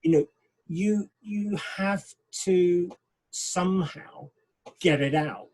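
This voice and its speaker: A man, a pastor, talking frankly and thoughtfully in a casual discussion, getting animated when he quotes people. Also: high-pitched, takes it slowly, rough recording.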